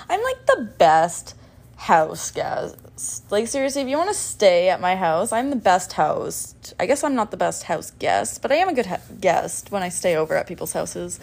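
A young woman hosting a casual podcast, rambling in a scattered, chatty way with lots of "like" and "um". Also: medium pitch. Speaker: podcast host.

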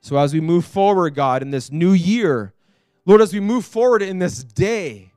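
A man preaches in church with a high, impassioned voice that climbs when he reads out scripture. The sound is close and dry. A faint instrument plays underneath. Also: lively intonation, normal speed, clean tone, dry recording, soft background music. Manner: impassioned, rising high and loud when quoting the psalm. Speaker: pastor. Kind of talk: sermon.

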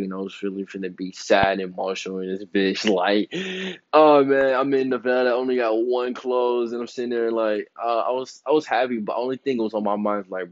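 A young man in his twenties hosts a solo podcast, rambling in loose, slangy, emphatic talk. His voice sits low, and the recording is dry and slightly dull. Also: steady tone, normal speed, no echo. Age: 20s. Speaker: podcast host. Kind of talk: casual solo podcast monologue.

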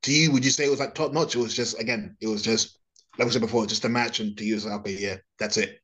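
Relaxed man, mid-pitched voice. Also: fast, low-quality recording. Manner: relaxed, hesitant, repeats himself. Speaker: podcast co-host. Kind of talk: casual wrestling chat.

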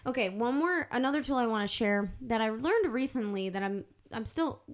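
A woman hosting a podcast in casual conversation, candid and animated, swearing freely and acting out her own inner voice. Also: on the high side, moderate pace. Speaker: podcast host.

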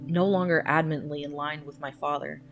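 A woman narrating a horror story in a slow, hushed, measured reading, with music playing underneath. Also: low voice, fairly even intonation, vocal fry. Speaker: podcast storyteller.

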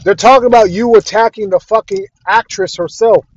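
A man's voice: high-pitched, brisk, dry recording. A young man delivering an exasperated, profanity-heavy casual rant about a fandom, repeating himself as he goes. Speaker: podcast ranter. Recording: dry, dull lo-fi audio.

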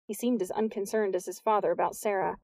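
A woman reading a novel aloud as an audiobook narrator, with smooth, even storytelling. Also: medium pitch, fast, no room sound. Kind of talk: scripted narration.

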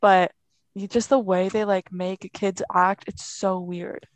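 A woman's voice: medium pitch, little pitch movement, slow. A young woman in casual chat, rambling and chatty with many fillers.

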